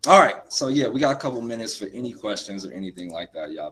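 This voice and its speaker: A man's voice: mid-range voice, sing-song, fairly quick, a bit bright, rough recording. A young man hosting a casual livestream, laid-back and laughing often, calling his viewers "y'all" and "dude". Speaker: motivation coach hosting a livestream.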